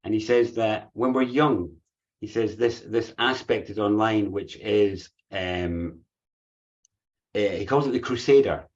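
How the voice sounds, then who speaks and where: A man's voice: fairly low pitch, a little slow, dull audio. A man giving an earnest, reflective spiritual talk to a group, often repeating phrases as he thinks.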